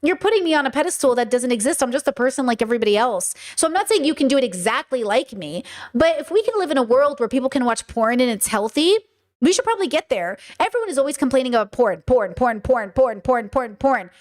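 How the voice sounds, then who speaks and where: A woman hosting a podcast in a casual monologue, animated and blunt, swearing freely and often restarting her sentences. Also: sits high, quick pace. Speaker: podcast host.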